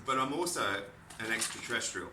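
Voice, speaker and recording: A man's voice: fairly low pitch, animated, fairly quick, distant mic, background noise. An Australian man talking in a disjointed, repetitive stream of consciousness, recorded in an echoey room. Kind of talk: rambling solo monologue to camera.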